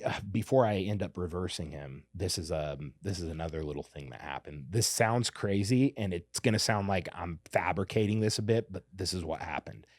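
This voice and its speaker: A man tells a story on a podcast in a low voice. He is animated and full of restarts. The recording is close and dry. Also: no room sound. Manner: animated, restarts a lot, says "you know what I mean". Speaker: podcast guest, fighter. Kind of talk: casual storytelling.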